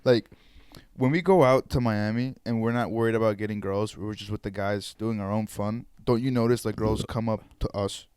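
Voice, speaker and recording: A man's voice: lowish voice, normal speed, a little mellow, clear, resonant tone, dry recording. A young man co-hosting a podcast, telling stories in casual, swear-filled bro talk. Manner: swearing, storytelling, laid-back bro talk. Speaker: podcast co-host. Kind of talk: casual chat.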